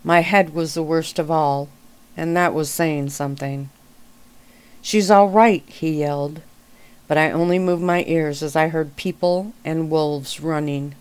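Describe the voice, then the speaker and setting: A woman reading a story aloud in a gentle, calm, unhurried way. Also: deep voice, clear, resonant tone. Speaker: reader. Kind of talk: soft-spoken story reading.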